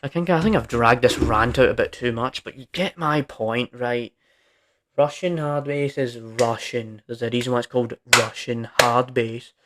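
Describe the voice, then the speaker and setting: A man's voice: mid-range voice, steady tone, moderate pace, fairly bright tone, a little hiss or hum. A young man hosting his own podcast, ranting casually and emphatically, full of "like" and "right?". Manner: rambling, emphatic and informal, with frequent "like" and "right?". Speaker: podcast host. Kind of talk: solo podcast rant.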